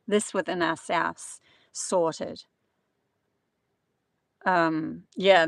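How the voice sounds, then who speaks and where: A woman's voice: fairly low pitch, fairly bright tone, dry recording. A middle-aged woman, a spiritual channeler giving an earnest, rambling live-streamed talk full of fillers.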